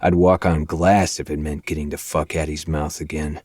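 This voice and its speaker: A man with a very deep voice reads a novel aloud in a low, measured first-person narration. The recording is dry and close, with no room sound around him. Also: little pitch movement, a little mellow, slightly rough, dry recording. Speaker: podcast host. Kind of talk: audiobook-style narration of a dark romance novel.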